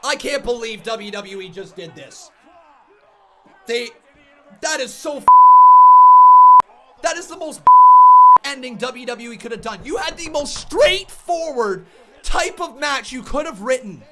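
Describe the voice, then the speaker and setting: A young man in an angry shouted rant, swearing and repeating himself as he reacts to a wrestling show. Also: extremely high pitch, lively intonation, measured pace, a crowd in the background.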